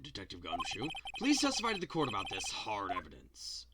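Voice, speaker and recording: A man voicing a mild, formal old judge who speaks in measured court phrases. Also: high voice, wildly swooping pitch, background noise.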